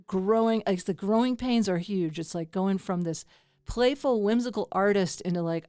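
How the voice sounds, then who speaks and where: Woman podcast host, mid-pitch, rambles and restarts, dry close sound. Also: moderate pace, mellow, no echo. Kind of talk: casual conversation.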